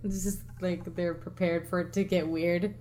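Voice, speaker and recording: A woman's voice: on the low side, flat delivery, moderate pace, warm tone, a little hiss or hum. A woman co-hosting a podcast, chatting casually and reacting with wry, teasing remarks. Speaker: podcast co-host. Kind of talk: casual chat.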